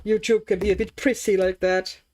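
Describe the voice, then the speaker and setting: Relaxed chatty woman from Latvia. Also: mid-range voice, brisk. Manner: chatty and easily amused, reading out comments while working; relaxed, thinking aloud about her colouring. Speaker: livestream host colouring while chatting. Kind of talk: casual livestream chat.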